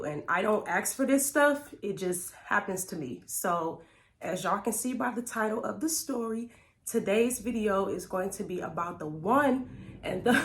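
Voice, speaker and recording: A woman's voice: medium pitch, slight background noise. A woman, telling a storytime on her vlog in a chatty way, laughing often and calling viewers y'all. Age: 30s. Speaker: vlogger. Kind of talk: casual storytime.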